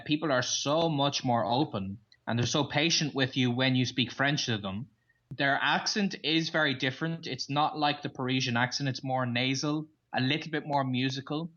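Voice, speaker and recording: Irish male interview guest, bright tense tone, enthusiastic storyteller, dull lo-fi recording. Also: medium pitch, moderate pace. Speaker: podcast guest. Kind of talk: casual interview chat. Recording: dull lo-fi sound.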